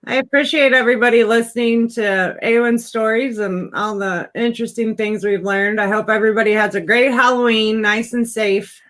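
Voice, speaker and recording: A woman's voice: fairly high pitch, steady tone, moderate pace, few pauses, a bit bright. A woman hosting a casual chat, easygoing, hesitant and self-deprecating. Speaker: host.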